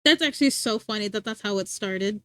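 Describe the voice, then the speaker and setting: A woman's voice: mid-range voice, a little fast, a bit bright, clean tone, dry recording. A woman livestreamer chatting casually with her viewers, giggly and full of filler words.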